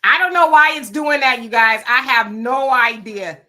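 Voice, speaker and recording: A woman's voice: a little high, normal speed, hardly any pauses, sharp tone. A woman hosting her own live stream show, chatting casually and greeting viewers by name. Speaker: livestream show host.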